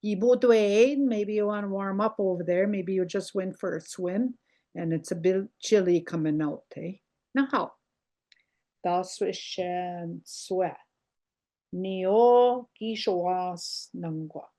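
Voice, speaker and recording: A woman's voice: mid-range voice, normal speed, dark tone. An older woman teaching a language lesson, patiently repeating words and checking in with "okay?" as she goes.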